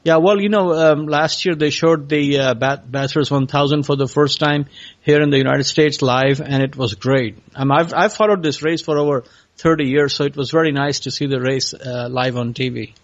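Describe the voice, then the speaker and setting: A man hosting a podcast, interviewing a guest in a halting way with many pauses. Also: a little high, steady tone, muffled recording. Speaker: podcast host. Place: California.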